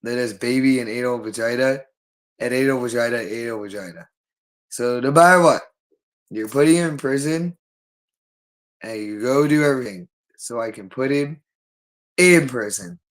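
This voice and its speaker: Male livestreamer, unscripted solo monologue, insistent and repetitive, middle pitch. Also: normal speed, poor audio.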